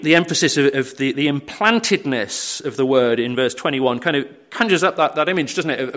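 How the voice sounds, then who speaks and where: A man's voice: mid-range voice, a bit bright. A man preaching a sermon, earnest, with frequent fillers and tag questions like "isn't it". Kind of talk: sermon on a Bible passage.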